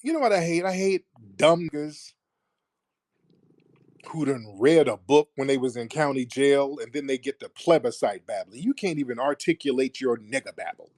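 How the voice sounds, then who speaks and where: Dry, animated mocking man. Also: medium pitch, normal speed, dry recording. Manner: loud mocking rant, profane. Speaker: live-stream show host. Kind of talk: combative call-in talk.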